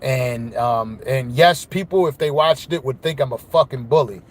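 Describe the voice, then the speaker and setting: A man's voice: mid-range voice, moderate pace. A man hosting a podcast, telling a story in a casual, rambling monologue full of swearing and "you know what I mean.". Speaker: podcast host.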